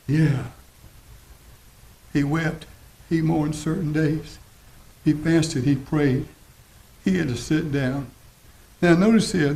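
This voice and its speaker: A man preaching a sermon as pastor, folksy and repetitive, slowing down to stress his points. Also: fairly high pitch, warm tone. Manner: folksy preaching, repeats phrases, slows for emphasis. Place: church sanctuary. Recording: roomy church echo.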